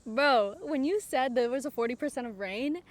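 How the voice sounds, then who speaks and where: A woman's voice: high voice, normal speed. A young woman co-hosting a podcast, chatting casually and telling the story with laughter and slang. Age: young adult. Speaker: podcast co-host.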